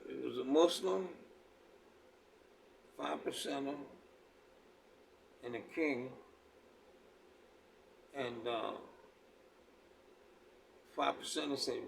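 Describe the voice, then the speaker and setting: A man's voice: medium pitch, gravelly, slight background noise. A man tells a story in a laid-back street way, laughing at his own tale and filling his talk with "man" and "you know". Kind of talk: casual spoken storytelling. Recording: voice picked up from a distance.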